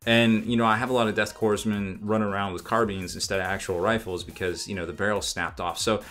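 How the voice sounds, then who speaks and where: A man's voice: on the low side, steady tone, fast talker, a bit bright. A man giving a casual unboxing commentary as a miniatures reviewer, rambling with fillers and self-corrections.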